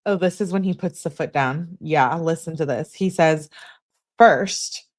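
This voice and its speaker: A woman on a live stream reading text messages aloud in a steady voice, breaking off to answer her chat. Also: low-pitched, unhurried. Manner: flat reading, asides to chat.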